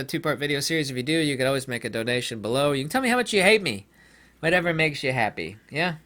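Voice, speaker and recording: Male video lecturer, combative and emphatic, very lively pitch. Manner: emphatic and combative, swinging between loud outbursts and low asides. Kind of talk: impassioned monologue to camera.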